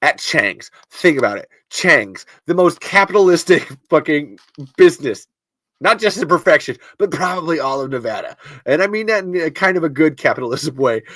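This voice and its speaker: A man's voice: fairly high pitch, a bit bright, no echo, clean studio sound. A man talking through a movie in casual commentary, rambling and playful, swearing freely and laughing at his own jokes. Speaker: video essay host.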